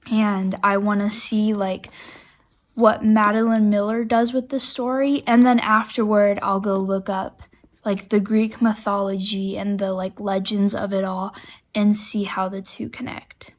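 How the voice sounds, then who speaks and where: A woman's voice: mid-range voice, little pitch movement, a little slow. A woman recording a casual reading vlog on her phone, chatty and effusive, filling her talk with "like.". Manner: chatty, heavy use of "like" fillers; emotional and effusive about books. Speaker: book vlogger.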